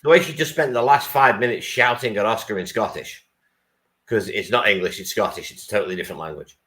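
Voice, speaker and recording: A man's voice: lowish voice, quick pace, fairly bright tone. A man co-hosting a wrestling podcast, chatting casually and with enthusiasm, swearing now and then. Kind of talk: casual chat.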